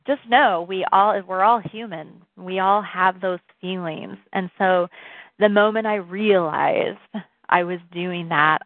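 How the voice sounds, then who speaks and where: A woman's voice: lowish voice, dry recording. Chatty woman on a tinny phone line. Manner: chatty, rambling, with fillers and laughs. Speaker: host of a new moon gathering call. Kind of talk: casual talk on a group phone call.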